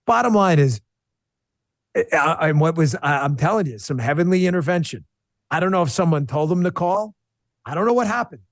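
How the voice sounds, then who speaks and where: A man as a guest in a podcast interview, telling an emotional story in an animated, blunt way, often stumbling and restarting. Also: fairly high pitch, fairly quick, no echo, studio quality. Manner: blunt and combative.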